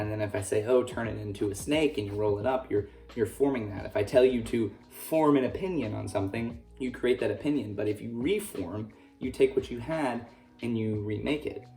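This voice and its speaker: A man's voice: lowish voice, brisk, gravelly, mellow. A man teaching a casual history lesson, full of jokey, sarcastic asides. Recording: roomy echo, distant mic, faint music.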